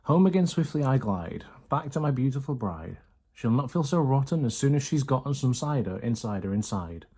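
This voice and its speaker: A man voicing a clever, cheerful fox father in a storybook reading, with a brisk manner. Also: medium pitch, animated, dark tone, husky. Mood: singing.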